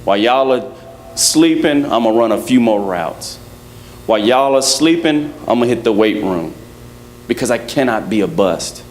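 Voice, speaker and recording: A man preaching a lively sermon to his congregation, joking and acting out little scenes as he goes. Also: medium pitch, normal speed, a little hiss or hum. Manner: playful, acts out quotes, laughs with congregation. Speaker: pastor. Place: church service.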